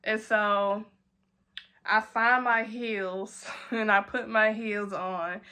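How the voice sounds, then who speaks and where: A young woman, telling a storytime in a casual, animated way, jumping into high voices for quotes and laughing as she goes. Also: extremely slow, smooth.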